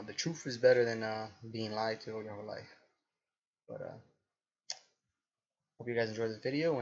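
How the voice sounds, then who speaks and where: A man in his twenties rambling casually to his viewers, halting often with restarts and fillers. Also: medium pitch, creaky, husky, muffled recording. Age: 20s. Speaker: vlogger. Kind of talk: rambling casual monologue to camera.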